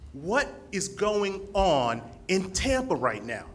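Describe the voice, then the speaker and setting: A man giving an impassioned public comment at a city council podium microphone, speaking with forceful, rising indignation. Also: sits high, very animated, slow pace.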